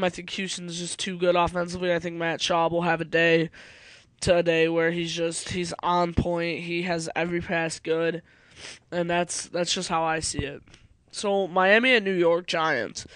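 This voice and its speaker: Tired guy rambling thru his sports picks, high smooth voice, dry sound, keeps correcting himself. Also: fairly bright tone, no echo. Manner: rambling, self-correcting, swears offhand. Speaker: video host. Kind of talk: casual sports prediction commentary.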